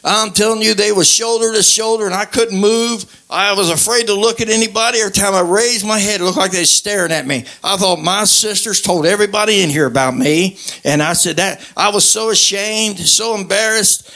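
A man's voice: high voice, a little fast, few pauses, sharp tone. A man telling his church testimony in a fervent, emphatic way, often close to tears. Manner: fervent, emphatic storytelling with repeated exclamations.

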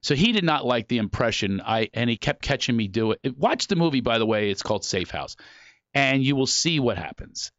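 Lively self-mocking man spinning comic stories. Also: mid-range voice, brisk, no room sound, dull audio. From Philadelphia. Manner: animated, self-mocking storyteller. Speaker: comedian guest. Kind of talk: comic storytelling in casual chat.

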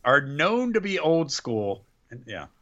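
A man co-hosts a wrestling podcast and talks through a match with excitable energy. His pitch swings widely as he gets worked up. The recording is muffled and lo-fi. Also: slow. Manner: excitable, animated recapping of a match. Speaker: podcast co-host. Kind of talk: casual wrestling podcast chat. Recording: dull lo-fi sound.

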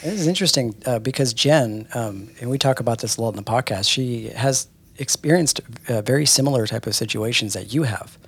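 Husky, gravelly male podcast host. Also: mid-range voice, brisk. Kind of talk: interview questions.

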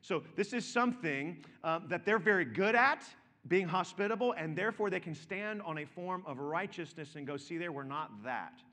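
A man's voice: sits high, expressive, normal speed, pushed and bright, long reverb tail. A man preaching a sermon, stressing and repeating key words and checking in with his listeners through direct questions. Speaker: pastor.

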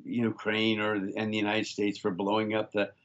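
This older man co-hosts a talk radio show from a remote location, pressing political points emphatically, addressing listeners as folks, and restarting frequently. His lowish voice is a bit bright, delivered completely flat at normal speed, in dull audio.

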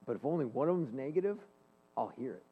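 A man's voice: medium pitch, fast talker, breathy edge. Man speaking in an echoing hall. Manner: storytelling, earnest and animated. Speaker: speaker and leadership coach. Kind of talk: faith-based talk to an audience. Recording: long hall reverb, phone-like band.

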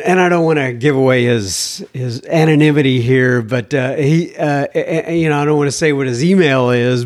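A man with a somewhat high voice hosts his own podcast, reading a listener's email aloud. He chuckles often and lifts his voice when he quotes the writer, answering with warm thanks in a relaxed, chatty way. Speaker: podcast host.

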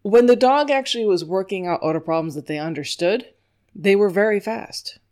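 A woman's voice: mid-range voice, expressive, fairly quick, a little mellow. A woman from New York who trains scent work dogs, giving an informal teaching talk in a chatty, emphatic way and often laughing at her own points.

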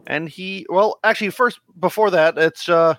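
A man's voice: sits high, moderate pace, fairly bright tone, no room sound. A man on a casual podcast recapping a comic at length, rambling with fillers and briefly voicing the characters' lines. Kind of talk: casual chat.

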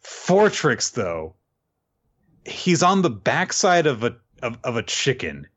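A man on a chat podcast who jokes and laughs his way through a recap and acts out the characters' quotes. His voice is bright and bouncy, swinging up and down in pitch. The recording sounds dull and lo-fi. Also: sing-song, slow pace, slightly rough. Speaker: podcast co-host. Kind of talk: casual chat recapping an anime.

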